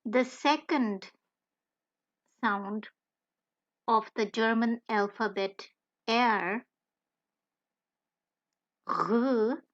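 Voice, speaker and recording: A woman narrating a beginner language tutorial, careful and deliberate, spelling out letters one by one. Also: a little high, a bit bright, dull audio. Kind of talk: slow scripted tutorial narration.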